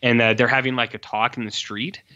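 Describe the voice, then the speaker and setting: A man co-hosting a podcast in loose, casual chat, with a bright, forceful voice. He gets animated, swears freely and acts out lines with big reactions. The sound is dull and lo-fi. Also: mid-range voice, brisk. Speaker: podcast co-host.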